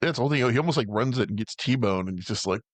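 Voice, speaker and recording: Male podcast co-host, mid-pitch, dry sound, rambles with lots of "like," swears often. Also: animated, very fast, no room sound. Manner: rambling, filler-heavy, profane. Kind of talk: casual movie recap chat.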